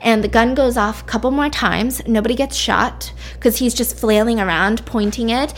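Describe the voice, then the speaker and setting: A woman casually retelling a story with animated, chatty asides. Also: on the high side, moderate pace. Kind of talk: casual plot recap.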